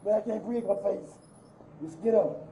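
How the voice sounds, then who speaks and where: A man's voice: high-pitched, normal speed, roomy sound, background noise. A man out of breath and in pain, groaning and pleading while held on the ground outdoors. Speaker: man restrained by police. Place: outdoors on a street.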